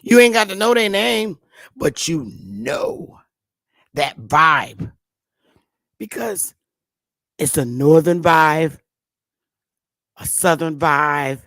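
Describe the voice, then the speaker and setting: Slow, emphatic woman ranting bluntly. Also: low-pitched, animated, a bit bright, dry recording, studio quality. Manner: emphatic, blunt, profane, preachy. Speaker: commentary host. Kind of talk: impassioned commentary monologue.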